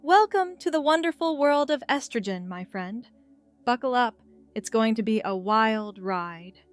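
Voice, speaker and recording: A woman's voice: fairly high pitch, expressive, a little slow, smooth, soft background music. Woman voicing soothing supportive friend. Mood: gentle. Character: kind, supportive friend, calm and gentle.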